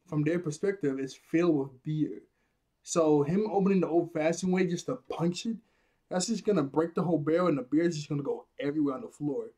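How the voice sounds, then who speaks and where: Amused young man recapping anime, mellow. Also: fairly high pitch. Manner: laughs often, acts out scenes in character voices. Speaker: anime episode reviewer. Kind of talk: casual recap commentary.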